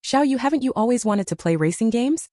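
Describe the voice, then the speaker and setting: A woman's voice: a little high, fast, no echo, studio quality, pitched above the performer's own voice, lightly acted. A woman voicing an aloof, businesslike young man who runs a company, in an audio novel. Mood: cool. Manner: calm, businesslike. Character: aloof stern young male company president.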